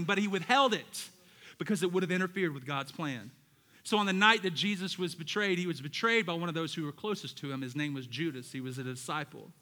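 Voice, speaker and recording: A male pastor preaches a sermon, moving between loud emphatic lines and low storytelling. He acts out Bible characters in casual voices.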